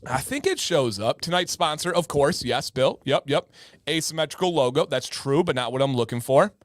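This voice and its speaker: A man's voice: a little high, animated, moderate pace, no echo, clean studio sound. Chatty joking man hosting a livestream. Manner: chatty, joking, greets viewers by name. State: slightly sore throat. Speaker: livestream host. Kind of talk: casual livestream chat.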